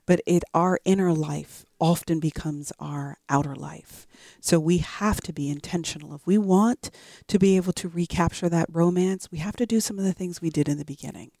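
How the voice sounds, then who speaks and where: A podcast co-host giving earnest, steady relationship advice. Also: mid-range voice, moderate pace, creaky, no room sound, clean studio sound.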